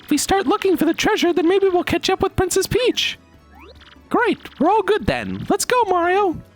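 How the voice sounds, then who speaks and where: A man doing a squeaky perky girl goomba. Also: huge pitch swings, moderate pace, faint music behind, heavily acted. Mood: eager. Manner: high squeaky falsetto. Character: perky young female goomba sidekick.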